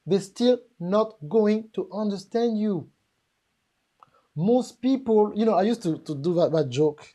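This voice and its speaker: French-accented lady giving a business seminar, warm mellow voice, punchy and jokey. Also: mid-range voice, expressive, measured pace. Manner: emphatic and joking, addresses the audience directly. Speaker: business speaker. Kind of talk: live seminar talk.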